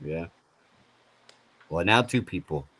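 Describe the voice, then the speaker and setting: A man's voice: low voice, expressive, takes it slowly, a bit bright, breathy edge. A man chatting casually as a guest on a stream, easygoing and repeating his advice. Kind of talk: casual chat.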